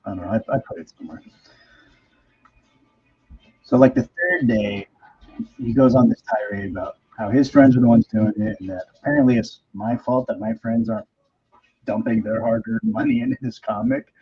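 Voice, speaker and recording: A man's voice: fairly low pitch, moderate pace, pauses often, husky, lo-fi sound. A man, a comic artist, chatting casually and rambling through stories on a livestream while he works, close to the microphone. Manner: rambling, offhand storytelling with mild swearing.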